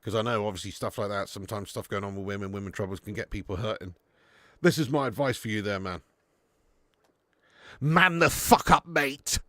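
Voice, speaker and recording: An excitable man doing live fan commentary on a football match, swearing freely and chatting to viewers between plays. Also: on the low side, fast talker, no room sound. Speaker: fan watch-along commentator.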